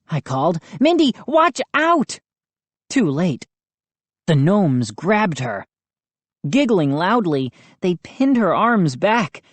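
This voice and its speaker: Slow, lively-voiced woman narrator. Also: lowish voice, no room sound. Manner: measured, expressive reading. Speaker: audiobook narrator. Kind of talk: scripted first-person narration.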